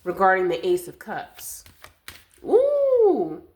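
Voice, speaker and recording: Slow, gentle woman reading tarot. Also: medium pitch. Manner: slow, soothing and affectionate, calls viewers loves and darling. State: a little winded, with coughs. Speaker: tarot reader. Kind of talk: collective tarot reading to camera.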